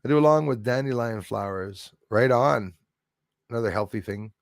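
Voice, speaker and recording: A man with a French Canadian accent hosting a casual livestream, rambling through viewer comments with frequent chuckles and sudden loud bursts. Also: mid-range voice, moderate pace, gravelly, no room sound, clean studio sound. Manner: rambling, chuckling, jumps loudly between topics. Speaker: livestream host.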